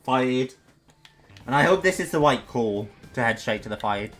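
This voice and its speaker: Bright-voiced young man commenting on gameplay. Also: medium pitch, expressive, moderate pace, soft background music. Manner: chatty, self-deprecating, talks to himself while playing. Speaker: gaming streamer.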